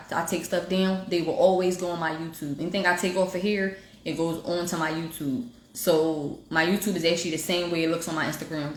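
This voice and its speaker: A livestream host with an African American Vernacular English accent speaks in a fairly low, fairly bright, reverberant voice over her phone. In casual talk meant as spiritual motivation, she preaches about self-healing, addressing viewers directly and with emphasis.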